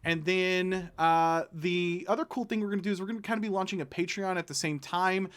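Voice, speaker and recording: A male host with a notably high-pitched voice, chatting casually to his cast. He rambles, doubles back and restarts sentences as his thoughts catch up. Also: a little fast, fairly bright tone, smooth. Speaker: show host. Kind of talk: casual podcast chat.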